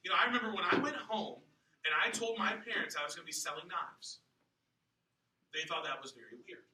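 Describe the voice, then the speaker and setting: A young man leading a motivational training talk for new sales staff, energetic and asking the room rhetorical questions. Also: sits high, brisk, background noise. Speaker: sales office manager. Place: room with audience. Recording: echoey room, mic at a distance.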